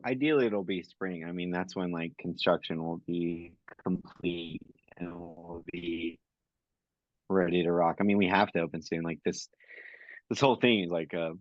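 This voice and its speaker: A man's voice: low voice, steady tone, normal speed, dry recording, dull audio. A man, a chef guest on a podcast, rambling through stories in casual chat and swearing. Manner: rambling, laughs loudly, swears.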